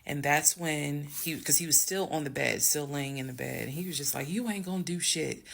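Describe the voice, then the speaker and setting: Animated gravelly woman telling a story. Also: sits low, a little fast. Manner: dramatic, animated storytelling with acted quotes. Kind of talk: storytime vlog.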